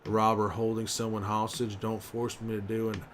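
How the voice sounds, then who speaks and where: A man playing a gruff middle-aged male survivor, bantering and swearing in an in-character livestream. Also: fairly low pitch, completely flat delivery, moderate pace, a little hiss or hum, close to an everyday voice. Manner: gruff, swearing, teasing chat. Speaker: streamer in character.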